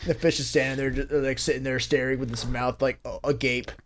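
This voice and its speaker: A man playing in a tabletop game, chatting in an excitable, jokey way. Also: mid-range voice, slight background noise. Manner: excitable, jokey, quick storytelling. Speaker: player. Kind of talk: casual chat during a tabletop game.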